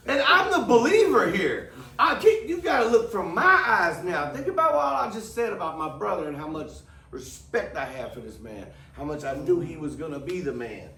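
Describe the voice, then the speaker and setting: A man's voice: high voice, normal speed, few pauses. A man, a guest telling long, profane, rambling stories in casual chat. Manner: profane, rambling, animated storyteller. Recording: roomy, distant mic, noisy.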